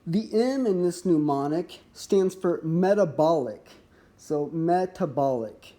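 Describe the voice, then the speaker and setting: Mellow-voiced man teaching a medical overview. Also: on the high side, lively intonation. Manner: measured, explanatory, occasional restarts. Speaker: medical educator.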